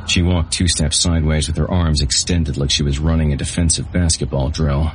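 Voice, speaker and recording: A man narrating a first-person audiobook in a flat, matter-of-fact way. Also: rumbling low, fairly quick, few pauses, a little hiss or hum.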